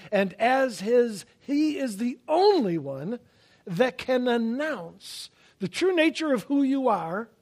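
A man preaching a sermon, telling stories with self-deprecating humor and swinging between loud emphasis and quiet asides. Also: high voice. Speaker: pastor.

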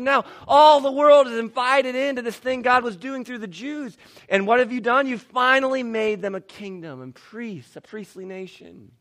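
Animated high-voiced male preacher. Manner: animated, swinging from loud to hushed; laughs between lines, frequent restarts. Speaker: pastor. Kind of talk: sermon.

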